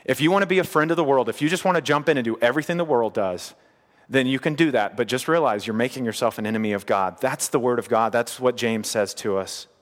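A man's voice: medium pitch, fast. Earnest male pastor in reverberant hall. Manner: earnest, conversational preaching with frequent repetition. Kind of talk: sermon.

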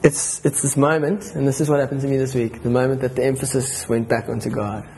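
A man's voice: mid-range voice, level tone, fast, darkish tone, a little hiss or hum. A man giving an informal, enthusiastic talk at a church gathering. He rambles, restarts his sentences and laughs between them.

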